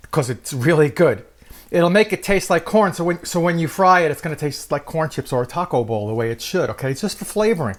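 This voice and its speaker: A man hosting a casual cooking demonstration in a kitchen, joking and chatting to the viewer. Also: mid-range voice. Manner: jokey, chatty, talks to the viewer. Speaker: cooking show host. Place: home kitchen.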